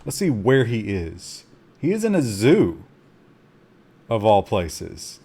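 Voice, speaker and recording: A man streaming a survival game, giving live commentary with excitable gasps between calm asides and talking to his chat. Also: lowish voice, slow pace, slightly rough. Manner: talks to chat.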